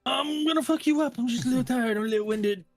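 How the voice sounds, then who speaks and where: A man putting on a high, mocking voice for a tired fighter who still talks tough in a tabletop game. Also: fast, no room sound, faint music behind. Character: winded boastful fighter, tough talk while tired.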